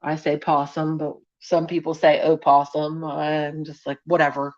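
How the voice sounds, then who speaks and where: A woman's voice: sits low, level tone, normal speed, darkish tone. A woman hosting a true crime live stream, telling the case in a loose, sweary and distracted way. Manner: loose, sweary and distracted, scolding a cat mid-story. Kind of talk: casual live-stream storytelling. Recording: dull lo-fi stream audio.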